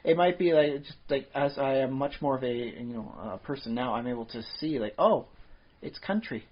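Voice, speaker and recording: This man, co-hosting a podcast, chats casually at a moderate pace in a medium-pitched voice. His talk meanders with plenty of fillers and restarted sentences, captured in flat, lo-fi podcast audio.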